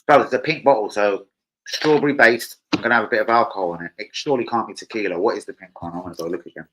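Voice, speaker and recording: A man's voice: on the low side, racing, a bit bright, poor audio. A man hosting a live stream, chatting casually in a rambling, slang-heavy way and swearing freely. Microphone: streaming setup mic.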